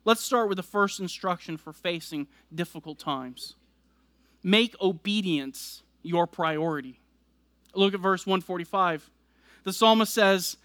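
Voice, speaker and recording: A man's voice: high voice, a little slow, a bit bright, dry recording. A man preaching a sermon, explaining scripture verse by verse and building emphasis as he goes. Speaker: pastor.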